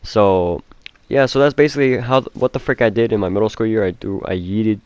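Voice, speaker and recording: Brief: young male vlogger, low voice, dry close sound, swears a lot, rambles. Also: fairly quick, darkish tone, no room sound. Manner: rambling, heavy swearing, lots of fillers. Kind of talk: casual storytime.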